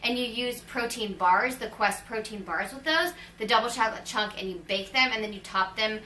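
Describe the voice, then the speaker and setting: A woman's voice: a little high, moderate pace, sharp tone, slight background noise. A woman in her twenties chatting casually as she answers viewer questions in a vlog, with many fillers. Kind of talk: casual Q&A chat. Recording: roomy, slightly distant mic.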